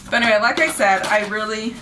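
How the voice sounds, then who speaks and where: A woman book vlogger unboxing packages in a casual vlog, gushing and squealing with excitement. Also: mid-range voice, fast, noisy background.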